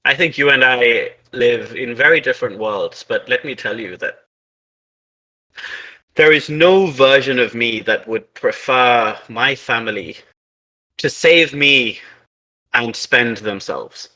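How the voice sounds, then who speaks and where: A man voicing a calm older man devoted to his family, in a tabletop role-play. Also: mid-range voice, slow pace, poor audio.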